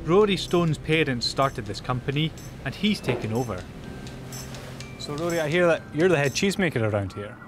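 A Scottish man presents a language lesson out on location, full of cheeky puns. His voice sits a little high. Music plays clearly behind him. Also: normal speed. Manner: jokey, punning, lively. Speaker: presenter teaching words on location. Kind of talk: playful pun-filled presenting.

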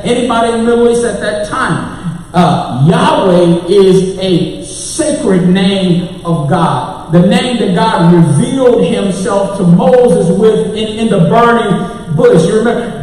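High-voiced preacher in echoey church hall. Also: male voice, dark tone, far from the mic. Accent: Texan. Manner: preaching, talks to the congregation and tech crew. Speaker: pastor. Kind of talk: sermon. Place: church sanctuary.

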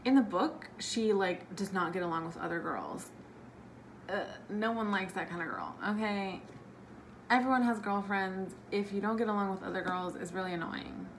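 A tipsy young woman giving a casual book review on her channel, gushing and excitable, with plenty of "like" as filler. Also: medium pitch, moderate pace, a little hiss or hum. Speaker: book vlogger.

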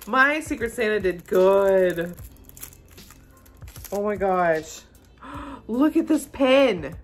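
A woman's voice: medium pitch, extremely slow, long pauses, soft background music. A young woman gushing and gasping as she unboxes a gift for her vlog. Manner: gushing, excitable, frequent gasps and "oh my gosh". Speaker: manga vlogger. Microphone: phone camera.

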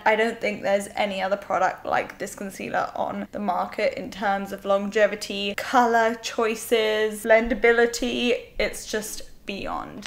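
Chatty young woman vlogger. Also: a little high. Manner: chatty, enthusiastic, rambling asides. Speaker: beauty vlogger. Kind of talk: casual makeup tutorial.

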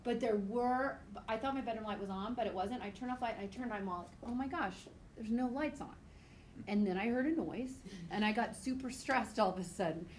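Through a tablet screencast mic in an echoey room with slight hiss or hum, a medium-pitched woman lectures biology a little fast with hardly any pauses. Her casual, lively style includes acting out voices and stories and laughing often.

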